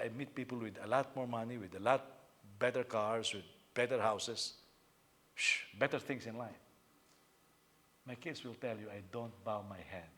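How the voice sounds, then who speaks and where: A male senior pastor preaching a sermon, telling stories with sudden loud bursts of emphasis. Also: mid-range voice.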